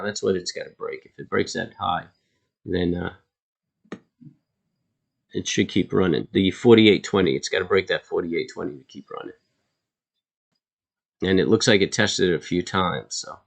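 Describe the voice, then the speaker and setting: A man's voice: deep voice, vocal fry. A man hosting a live trading stream, talking casually to viewers in a rambling way with lots of ums and uhs. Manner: laid-back, chatty asides to viewers.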